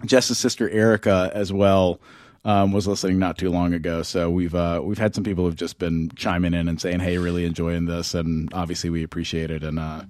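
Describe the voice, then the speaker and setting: A man co-hosting a podcast talks in a loose, rambling way, full of ums and restarts. His voice sits on the low side, recorded close and dry with no room sound. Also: flat delivery, brisk, darkish tone, dry recording. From Southern United States. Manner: rambling, many fillers and restarts. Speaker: podcast co-host. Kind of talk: casual chat.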